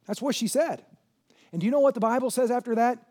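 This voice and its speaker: High-voiced male pastor preaching emphatically. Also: fast talker. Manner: emphatic preaching with rhetorical questions to the congregation; swings between loud shouting and quieter intensity. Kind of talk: sermon.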